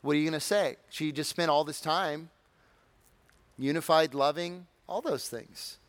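A man preaching a sermon as pastor, conversational and animated, with humorous asides and acted-out voices of excited listeners. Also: measured pace, dry recording. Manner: animated, acts out excited congregants in high shouts.

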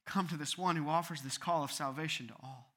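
A man's voice: on the high side, fairly quick, fairly bright tone. A man preaching an earnest sermon as a pastor, building to fervent appeals.

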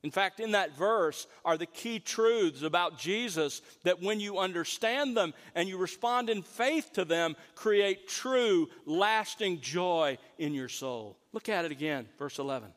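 A man preaching a sermon, slowing down to stress key words. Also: sits high, expressive, a bit bright, in a large hall. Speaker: pastor.

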